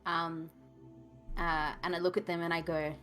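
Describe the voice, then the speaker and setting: Woman tabletop player, low-ish voice, hesitant and self-mocking, faint music behind. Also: level tone, normal speed, fairly bright tone. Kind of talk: casual tabletop play.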